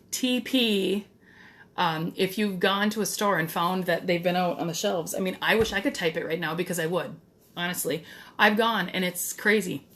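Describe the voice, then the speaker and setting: A middle-aged woman with a fairly low, slightly bright voice talks casually to the camera in a DIY vlog. She's chatty and blunt, letting some mild swearing slip in.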